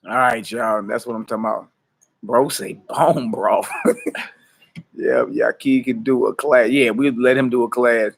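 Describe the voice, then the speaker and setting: A man hosts a relaxed ministry livestream, calling out viewers by name and hyping them up. He laughs easily and talks loosely in a mid-pitched voice. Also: measured pace, vocal fry. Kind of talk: casual livestream chat before prayer.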